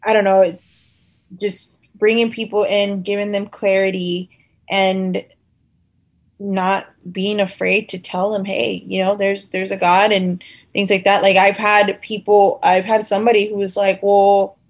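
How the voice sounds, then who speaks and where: A woman's voice: medium pitch, little pitch movement, unhurried. A woman talking casually about her faith, rambling with many fillers and acting out conversations she has had. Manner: acts out quoted conversations.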